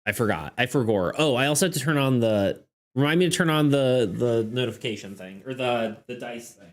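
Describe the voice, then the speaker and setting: A man's voice: medium pitch, lively intonation, brisk, faint music behind. A man running a livestreamed tabletop game as game master, narrating in a loose, laid-back way and thinking aloud.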